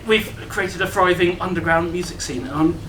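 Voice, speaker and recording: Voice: medium pitch, moderate pace. An improv performer on a live stage, flustered and stammering. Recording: echoey, distant, noisy.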